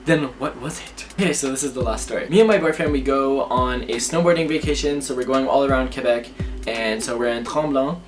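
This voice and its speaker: A young man telling spooky personal stories to camera in a lively, chatty way. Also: medium pitch, a little fast. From Canada. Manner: lively, chatty, acts out his reactions, laughs often. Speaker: vlogger. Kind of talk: casual storytelling to camera. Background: background music.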